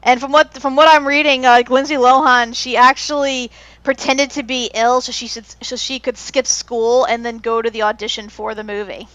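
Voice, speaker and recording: A woman's voice: a little high, fairly even intonation, normal speed, fairly bright tone, dry recording, muffled recording. A woman co-hosting a podcast, chatting casually and sharing trivia with many fillers. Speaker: podcast co-host. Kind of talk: casual chat.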